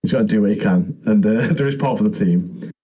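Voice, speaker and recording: Husky low-voiced man chatting. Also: fast talker, lo-fi sound. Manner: laughs often, tag questions. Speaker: podcast co-host. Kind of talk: casual chat.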